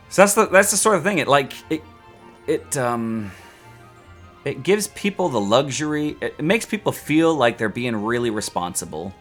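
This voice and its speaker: A man's voice: lowish voice, a bit bright. A man teaching statistics in a casual video lecture, chatty and joking, with rants and self-mocking asides. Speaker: statistics instructor.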